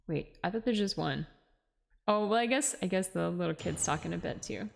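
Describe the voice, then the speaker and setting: A woman's voice: fairly low pitch, normal speed, gravelly, a little hiss or hum. A young woman chatting casually while streaming a game, giggly and rambling with lots of fillers.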